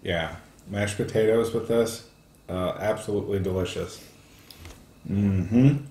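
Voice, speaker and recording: A man co-hosting a home cooking video, tasting the food and chatting in relaxed short remarks. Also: lowish voice, measured pace, reverberant, slight background noise. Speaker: co-host. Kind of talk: casual cooking chat. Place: home kitchen.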